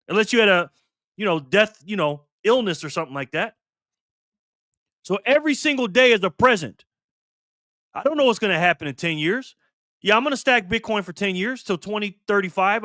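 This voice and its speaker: A man in his fifties talks straight to his audience in a high, tense, driving voice. He rants with heat and plenty of profanity, punching each point hard. The sound is dry and close, with no room around it. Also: bright, forceful tone, no echo. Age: 50s. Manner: heated, profane and emphatic, ranting. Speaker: channel host. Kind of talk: impassioned monologue to camera.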